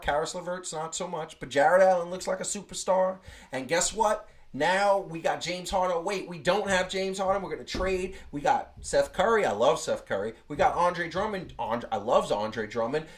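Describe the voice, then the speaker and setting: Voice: mid-range voice, moderate pace. A sports talk co-host on a live stream who rants with energy and argues hard in casual chat. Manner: animated ranting, mocks people with put-on whiny quotes.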